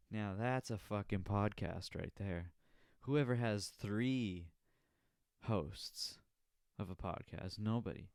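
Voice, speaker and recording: A man's voice: fairly low pitch, clear, resonant tone, no room sound, studio quality. A young man hosting his own podcast, rambling casually with lots of swearing and laughing at his own jokes. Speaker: podcast host. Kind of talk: casual solo podcast chat.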